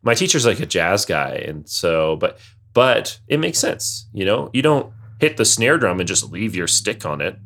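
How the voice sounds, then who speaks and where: Man, deep voice, casual podcast talk, eager, stumbling restarts. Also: big pitch swings, moderate pace, fairly bright tone. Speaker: podcast co-host. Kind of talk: casual chat.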